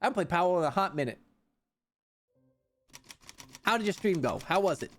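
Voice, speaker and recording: Brief: young male streamer, bright high pitch, loud live game commentary with cursing, soft music underneath. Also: a little fast. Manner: excitable, loud, swears a lot.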